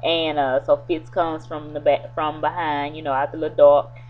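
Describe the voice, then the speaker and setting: Woman reviewer, low voice, chatty rambling recap, tinny phone-like audio. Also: level tone, moderate pace. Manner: rambling, loose retelling with many fillers. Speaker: TV episode reviewer. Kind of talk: casual spoken episode recap. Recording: tinny phone-like sound with faint hum.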